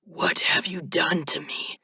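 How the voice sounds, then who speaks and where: A woman's voice: sits low, vocal fry, husky, dry recording, heavily acted. A woman doing an ancient whispering reaper. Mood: cold, insistent. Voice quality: strained, dry, cracked whisper. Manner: monotone, slow and deliberate. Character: ancient male reaper turning human, cold. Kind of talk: audiobook narration.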